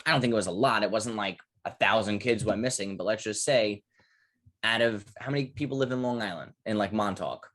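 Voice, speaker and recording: Casual podcast co-host, young adult man, low voice, rambling and profane. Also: brisk. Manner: rambling, profane, animated storytelling. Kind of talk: casual chat.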